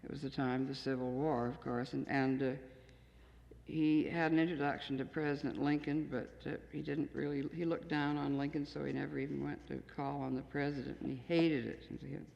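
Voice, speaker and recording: An older woman poet reads her own verse in a measured, understated way, her voice gravelly and low-key. The sound is an old, dull 1970s tape, and the voice rings on in a large echoing hall. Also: level tone, darkish tone. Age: 60s. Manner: plain, understated, measured reading. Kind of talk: poetry reading to an audience.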